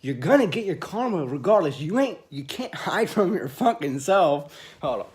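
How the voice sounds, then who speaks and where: Very animated and speaking at a moderate pace, a man rants profanely to camera from a small room. His rambling monologue veers between loud outbursts and quiet mumbling.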